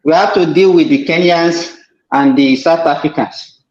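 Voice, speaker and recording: Man, relaxed storyteller, roomy muffled sound. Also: on the high side, unhurried. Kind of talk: casual online chat. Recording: echoey muffled mic.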